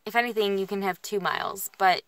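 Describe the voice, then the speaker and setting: A woman's voice: medium pitch, fairly even intonation, quick pace, fairly bright tone. A young woman talks in a car, venting in a rambling, restart-filled way, full of filler words. She sounds emotionally worn down. The sound is close and dry, with no room echo. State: emotionally worn, feeling alone. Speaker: vlogger. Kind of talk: casual venting while driving.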